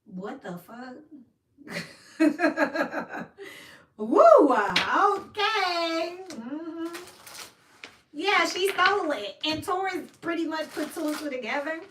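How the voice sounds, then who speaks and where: A woman giving a casual tarot reading, animated and swearing, acting out little scenes as she talks. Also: high-pitched, very slow. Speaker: tarot reader. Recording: echoey room, mic at a distance, noisy.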